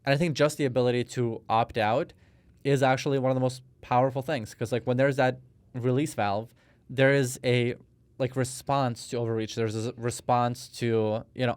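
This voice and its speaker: A man's voice: mid-range voice, steady tone, normal speed, smooth, dry recording. A man in his thirties from Russia, a podcast guest telling a personal story in a casual, hesitant way with frequent fillers and restarts. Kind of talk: conversational interview.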